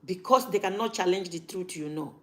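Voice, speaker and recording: A woman's voice: on the low side, fairly quick, fairly bright tone. A woman, talking casually to camera as a vlogger and repeating her points for emphasis.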